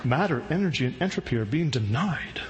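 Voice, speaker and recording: A man's voice: medium pitch, lively intonation, brisk, muffled recording, noisy background, natural voice. A man voicing a fussy male physicist disciple who speaks in a precise, lecturing way. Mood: analytical.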